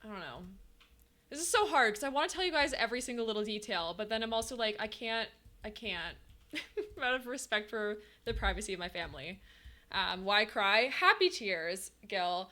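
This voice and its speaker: A chatty woman streaming a game, talking casually to her viewers and replying to chat as she goes. Her voice is bright and clear, and she laughs often. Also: mid-range voice, expressive, moderate pace.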